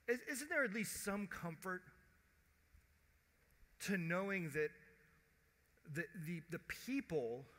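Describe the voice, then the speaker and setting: A man preaching a sermon as pastor, conversational, acting out quoted voices and dropping to a hush at tender moments. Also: high voice. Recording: long church hall reverb.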